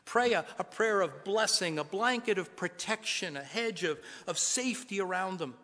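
A man's voice: sits high, lively intonation, normal speed, sharp tone. A middle-aged man, a pastor, giving an earnest, conversational sermon full of rhetorical questions. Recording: long hall reverb.

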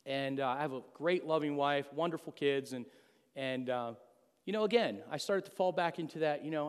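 A man's voice: fairly high pitch, animated, fairly quick. A middle-aged man giving an earnest, emotional personal testimony to a church congregation. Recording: long hall reverb.

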